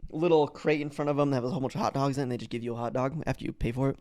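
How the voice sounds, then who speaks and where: A man's voice: medium pitch, fairly even intonation, racing, a little mellow, dry recording. Man, podcast co-host, casual chat, rambling, laughs a lot, dry close sound. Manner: rambling storyteller, laughs often, acts out voices.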